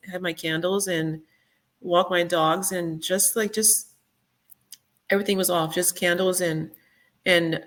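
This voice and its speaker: As a podcast guest in a casual interview, this middle-aged woman talks in a fairly low pitch. She's reflective and quiet-voiced, using lots of fillers.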